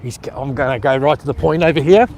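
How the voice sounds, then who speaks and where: An Australian man rambling excitedly to live-stream viewers from outdoors beside a canal, with a camera-mounted mic. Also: medium pitch, fast, slight background noise. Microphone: handheld camera with plug-in mic.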